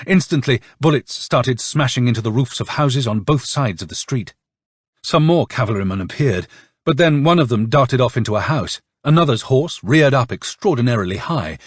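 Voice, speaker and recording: A man narrating a novel as an audiobook, reading in an expressive, dramatic way. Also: mid-range voice, slightly rough, no room sound, clean studio sound. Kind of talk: scripted narration.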